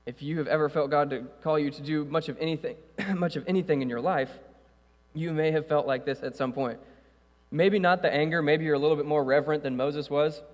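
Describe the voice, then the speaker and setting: A man's voice: fairly high pitch, brisk. Man preaching in an echoey church. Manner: reads scripture then preaches loosely with fillers. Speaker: pastor. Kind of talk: sermon. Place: church sanctuary. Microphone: stage microphone with echo. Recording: hall reverb in church.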